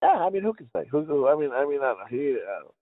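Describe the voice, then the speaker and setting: A man's voice: on the high side, very animated, fast. A man co-hosting a podcast, rambling and mumbling in casual chat, swearing freely. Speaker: podcast co-host. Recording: tinny phone-like sound with a long reverb tail.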